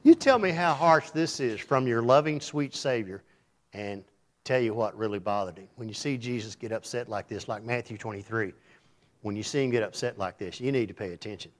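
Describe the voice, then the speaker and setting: A man preaching a sermon in a folksy, teasing way, swinging between loud and hushed delivery. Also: mid-range voice, brisk. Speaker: pastor.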